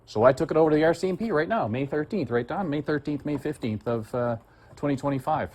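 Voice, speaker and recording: A man's voice: on the high side, animated, quick pace, darkish tone. An agitated man ranting in heated, profane, rambling conversation as he makes a complaint. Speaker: complaining citizen.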